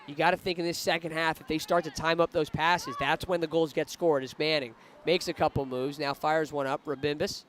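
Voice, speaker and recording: A man's voice: fairly high pitch, a little fast, hardly any pauses. Man calling a soccer match live. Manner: rising excitement on attacking plays. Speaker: play-by-play commentator.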